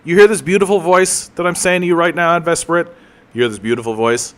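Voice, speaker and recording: A man's voice: a little high, fast, fairly bright tone, clean tone. A man chatting casually while he streams a game, rambling and joking at his own expense with plenty of restarts. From Canada. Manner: rambling, joking, self-mocking, many restarts.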